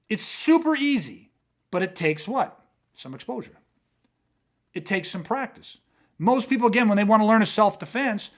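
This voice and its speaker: A man hosting a self-defense podcast, talking emphatically with swearing and acting out quoted exchanges. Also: high-pitched. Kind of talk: casual podcast talk. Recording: podcast mic.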